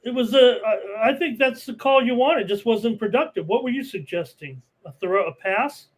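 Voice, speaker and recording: A man talking casually about a football game, pausing often and filling the gaps with uh. His voice sits clearly high for a man. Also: expressive. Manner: hesitant, filler-heavy.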